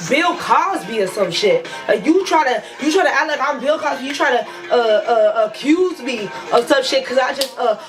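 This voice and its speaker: A woman voicing a brash, smooth-talking young man who turns defensive, with slangy, smug pickup-line delivery. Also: high voice, lively intonation, normal speed, few pauses, over music.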